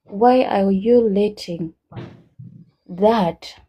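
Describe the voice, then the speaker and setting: A woman's voice: medium pitch, lo-fi sound. A woman from Uganda, calling in to a livestream and speaking hesitantly. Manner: slow, hesitant. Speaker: caller. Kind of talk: casual call-in talk.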